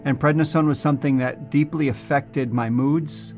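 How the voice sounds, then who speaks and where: A man's voice: medium pitch, fairly even intonation, moderate pace, darkish tone, faint music behind. A man from New Jersey telling his personal testimony in an earnest, reflective storytelling manner. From New Jersey, USA. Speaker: testimony speaker.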